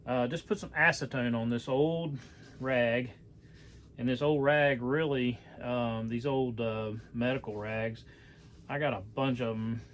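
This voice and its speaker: Man, middle pitch, casual workshop demo delivery, rambling with fillers, faint background hiss. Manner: folksy, rambling, many fillers and self-corrections. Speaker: archery how-to presenter. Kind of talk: casual hands-on demonstration.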